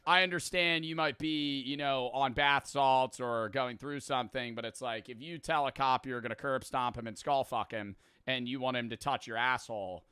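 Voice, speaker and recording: Bright-voiced man joking through a reaction. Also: medium pitch, moderate pace, smooth, no room sound, studio quality. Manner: animated, joking, with quoted asides. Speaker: streamer reacting to videos. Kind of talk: casual reaction commentary.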